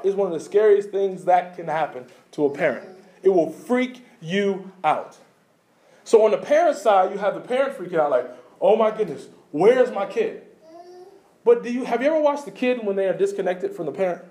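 High-voiced man preaching a lively sermon. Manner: animated preaching with rhetorical questions and repetition; swings between loud emphasis and quiet low asides. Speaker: pastor.

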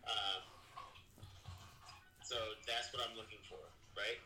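Bright-voiced male player in a roomy echo. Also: lowish voice, steady tone, slow pace, soft background music. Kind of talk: casual tabletop play.

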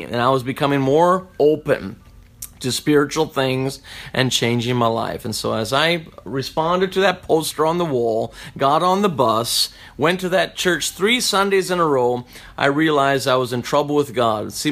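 A man giving a personal conversion testimony in a reflective, unhurried way, often restarting his sentences. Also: fairly high pitch, a bit bright.

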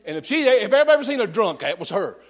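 A man's voice: sits high, very animated, quick pace. A middle-aged man preaching a sermon as pastor, telling folksy, humorous stories.

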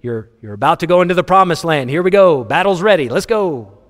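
A man preaching a sermon, reading scripture aloud and joking with the congregation in an animated way. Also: a little high, a little fast. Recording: long hall reverb.

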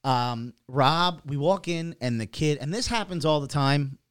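A man's voice: on the high side, animated, measured pace, a bit bright, clean tone. A man co-hosting a podcast, telling a rambling, profane story in casual chat and acting out the quotes. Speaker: podcast co-host.

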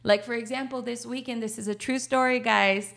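A woman's voice: a little high, fairly even intonation, fairly quick, gravelly, fairly bright tone. A woman, a coffee shop owner talking casually in an interview, laughing often and slipping into Spanish. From Texas.

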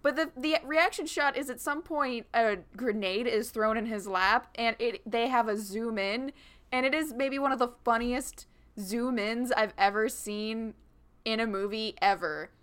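Bright, high-voiced woman podcast co-host. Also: unhurried, clean tone. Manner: chatty, recounts scenes with relish. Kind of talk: casual movie review chat.

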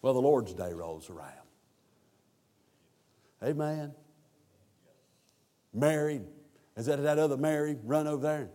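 A man's voice: a little high, expressive, unhurried, long pauses, warm tone. Male preacher, narrative sermon delivery, echoing hall. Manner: storytelling preacher who voices biblical quotes. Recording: long hall reverb.

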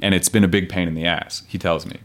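Podcast guest, male, lowish voice, loose and profane, rambling storyteller. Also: steady tone, fast talker, crowd noise. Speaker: podcast guest, street poet. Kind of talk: casual storytelling chat.

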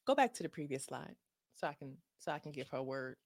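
Lively sassy woman talk-show host. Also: deep voice, quick pace, no room sound, studio quality. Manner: sassy, emphatic, playful scolding. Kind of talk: casual comedic talk show closing.

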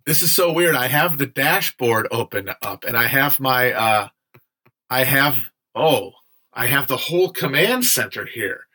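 A man's voice: mid-range voice, expressive, unhurried, bright, forceful tone. A young man hosting a casual livestream book discussion, chatty and digressive, with frequent fillers and some swearing.

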